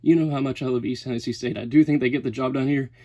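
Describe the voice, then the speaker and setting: A sports YouTuber breaks down a bracket in a casual vlog, speaking quickly in a mellow mid-range voice with fairly even intonation. He's a little out of breath, rattling off lists and correcting himself mid-sentence. There's no echo on the recording.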